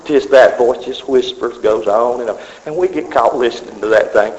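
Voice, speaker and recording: Male pastor mid-sermon, mid-pitched, dips into whispers, long church reverb on a muffled recording. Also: moderate pace, darkish tone. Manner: preaching with sudden drops to a whisper. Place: church sanctuary. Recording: dull sound with long hall reverb.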